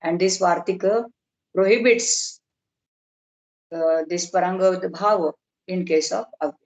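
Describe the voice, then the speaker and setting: A middle-aged woman lecturing on a video call, explaining slowly and carefully and drawing out technical terms. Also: on the low side, a little mellow, low-quality recording. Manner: measured, explanatory, slow on terms. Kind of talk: online academic lecture.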